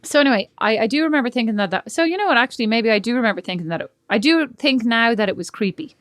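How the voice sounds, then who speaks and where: A woman's voice: on the high side, lively intonation, fast, fairly bright tone, no echo, clean studio sound. A woman, chatting as podcast co-host and asking her sister questions. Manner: chatty, laughs easily, interviewing. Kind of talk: casual chat.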